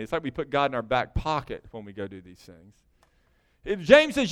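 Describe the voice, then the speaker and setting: A man preaching a sermon in a folksy, joking way, his voice swinging between loud bursts and hushed asides. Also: medium pitch, very animated, fairly quick, smooth. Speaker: pastor.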